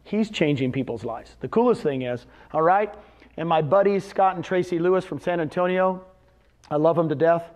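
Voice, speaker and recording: A man presenting at a seminar in front of a live audience, his voice sitting a little high for a man. He talks in an animated way, firing questions at the audience and answering them himself. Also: normal speed. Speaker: presenter at a real estate seminar. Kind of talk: motivational seminar talk.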